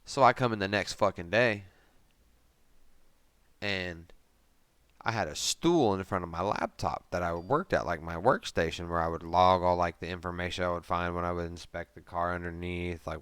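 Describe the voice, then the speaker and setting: A man's voice: low voice, steady tone, normal speed, fairly bright tone, clear, resonant tone, dry recording. A man in his thirties, a podcast host, telling a rambling story in casual chat, with constant swearing and filler words.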